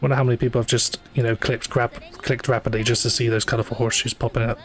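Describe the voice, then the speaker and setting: A man streams a gacha game live, talking casually at a quick clip in a medium-pitched, fairly flat voice. He rambles, with lots of fillers, restarts, self-corrections and dry asides, while faint game music plays behind him.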